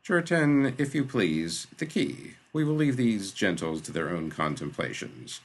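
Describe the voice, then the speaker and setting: A suave, ironic swordsman, as a man puts him on speaks in slow, formal phrases. The voice is deep and husky, with a gravelly edge. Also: very animated, full character voice. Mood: dry. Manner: courtly, measured, dryly ironic. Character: suave sardonic male swordsman, formal and dry.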